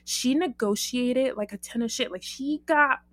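A woman's voice: high-pitched, measured pace, fairly bright tone, no room sound. A woman guest on a TV recap podcast, chatting in a wry, gossipy, mocking way. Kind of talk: casual TV recap chat.

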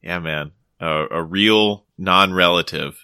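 A man's voice: sits low, takes it slowly, bright, forceful tone, clear, resonant tone, no room sound, clean studio sound. A man co-hosting a podcast in casual chat, joking and rambling into silly stories. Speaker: podcast co-host.

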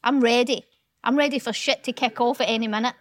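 A woman's voice: a little high, steady tone. A woman co-hosting a podcast in casual chat, blunt and teasing. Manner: teasing, blunt and quick-witted. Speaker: podcast co-host.

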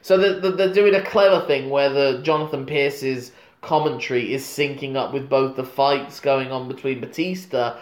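A man's voice: medium pitch, moderate pace, few pauses, roomy sound. A man recapping a film plot in casual chat, with dry asides. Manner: narrates plot in long runs, dry asides. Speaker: podcast co-host recapping a film.

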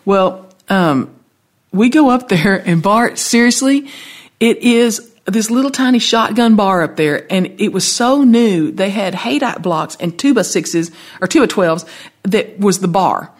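Husky Southern woman telling stories. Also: medium pitch, measured pace. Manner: chatty, animated storytelling with laughs. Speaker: songwriter guest. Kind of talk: casual storytelling chat.

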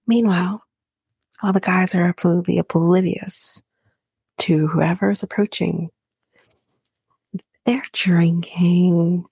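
Husky whispering woman recapping reality TV. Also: fairly low pitch, darkish tone, dry recording. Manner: casual, profane, laughs while talking.

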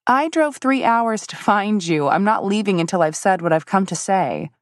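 A woman's voice: medium pitch, lively intonation, moderate pace, dry recording, studio quality, voice pushed up, natural voice. A woman narrator voicing a determined, stubborn young woman who talks insistently and raises her voice.

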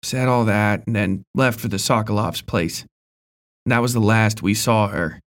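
A man's voice: fairly low pitch, a little slow, a bit bright. A man voicing a blunt, cursing old man who sounds worn down. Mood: gruff, weary.

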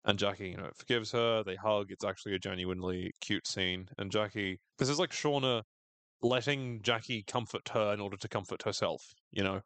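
A man's voice: fairly low pitch, brisk, fairly bright tone, smooth, no echo. A man co-hosting a podcast, recapping a show in casual chat with sardonic jokes and free swearing. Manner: sardonic, jokey, swears freely. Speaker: podcast co-host.

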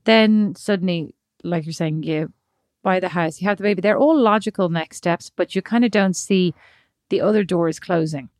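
A woman co-hosting a podcast with a lowish voice, thinking aloud and teasing. The sound is close and dry, with no room around it. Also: normal speed, hardly any pauses, no room sound. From Ireland. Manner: reflective and teasing, with many fillers. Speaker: podcast co-host. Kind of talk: casual chat.

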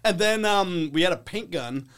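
Man guest, high and lively voice, storyteller who acts out voices. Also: normal speed, smooth. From English-speaking, not French-native. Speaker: guest comedian. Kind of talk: casual podcast chat.

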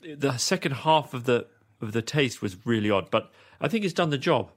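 A man chatting casually on a podcast, hesitant and self-mocking, who breaks into a high falsetto. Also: lively intonation, moderate pace.

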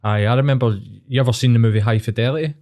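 A man's voice: medium pitch, fairly even intonation, racing, a little mellow. A Scottish man co-hosting a podcast, talking in a supportive, earnest way and laughing often. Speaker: podcast co-host. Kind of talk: casual chat.

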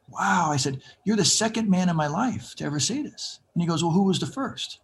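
A man in his fifties telling his own life story in an interview, animated and acting out the voices of people he quotes. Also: fairly high pitch, moderate pace. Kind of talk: conversational storytelling.

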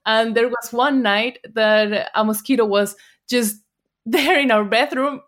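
A woman with a Mexican Spanish accent, a native Spanish speaker, chatting as an interview guest and telling animated stories with frequent laughter. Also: fairly high pitch, measured pace. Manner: laughs often, animated storyteller. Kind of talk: casual interview chat.

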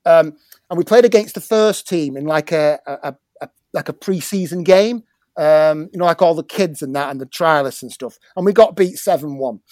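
A man's voice: fairly high pitch, moderate pace, a little mellow, dry recording, clean studio sound. A middle-aged English man telling a football story in casual chat, swearing often and stumbling over his words. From England. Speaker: guest, former footballer and musician.

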